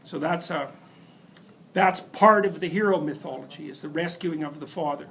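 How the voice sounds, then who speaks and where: A man's voice: on the high side, normal speed, gravelly, fairly bright tone, poor audio. A man giving a university lecture, telling stories emphatically with rhetorical questions and asides. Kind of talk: classroom lecture.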